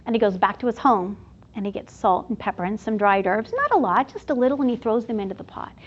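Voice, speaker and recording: A woman presenter at a university event, telling a fable in an expressive storytelling manner. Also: mid-range voice, fast, a little hiss or hum. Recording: dull lo-fi sound.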